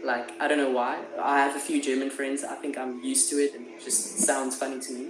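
A man's voice: medium pitch, little pitch movement, a little fast. Rambling South African man on video chat. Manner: rambling, hesitant, lots of fillers and laughs. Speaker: chat partner. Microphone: video call. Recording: echoey room with music behind.

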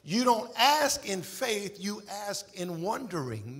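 Male pastor, high voice, emphatic sermon, bursts of shouting. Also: big pitch swings, takes it slowly. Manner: emphatic preaching, shouts and exclamations. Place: church sanctuary.

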